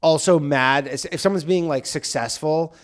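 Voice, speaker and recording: A man's voice: a little high, moderate pace. A man hosting a comedy podcast, chatting casually and swearing.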